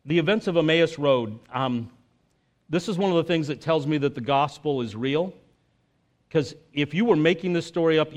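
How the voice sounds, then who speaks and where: Casual, joking male preacher. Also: on the high side. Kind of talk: sermon.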